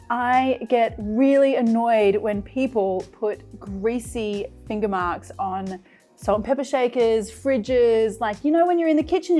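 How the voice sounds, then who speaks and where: A woman's voice: fairly high pitch, dark tone. A woman hosting a cooking show, mouth burning and eyes teary from chili, exclaiming and laughing between gasps in casual chat. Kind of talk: casual food challenge chat. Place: kitchen studio.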